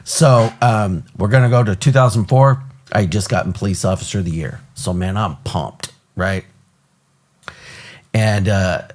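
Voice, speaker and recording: Animated storytelling man, low voice. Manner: animated storyteller, acts out quotes. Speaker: podcast host. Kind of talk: storytelling in casual interview.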